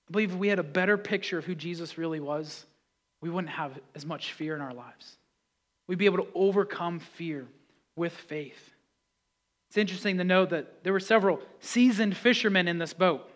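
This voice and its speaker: A man preaching a sermon, talking with the congregation, swinging from loud pleading passages to hushed calm ones. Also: high-pitched, moderate pace. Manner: builds to loud impassioned pleas, then drops to hushed calm; conversational preaching with audience questions. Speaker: pastor.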